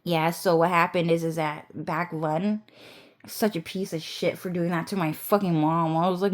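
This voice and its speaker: A woman's voice: on the low side, fairly even intonation, moderate pace. Rambling, profane woman telling a story. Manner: rambling, profane, laughs often, restarts a lot. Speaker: vlogger. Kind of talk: casual storytime vlog.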